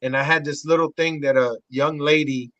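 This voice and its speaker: A middle-aged man talks as a podcast guest in a high, bright voice, cussing freely as he tells a story. He jumps sharply up in pitch whenever he acts out what someone said. The sound is close and dry, with no room in it. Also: moderate pace, no room sound, highs cut off. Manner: animated, profane, acts out quotes with big pitch jumps. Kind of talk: casual storytelling chat.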